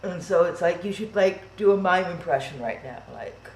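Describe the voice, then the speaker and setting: A woman hosting a live-streamed online event talks through technical trouble on a video call, chatty and flustered, thinking aloud and restarting her sentences. Her mid-range voice is expressive, moderately paced, with hardly any pauses. The recording has a roomy echo and faint noise.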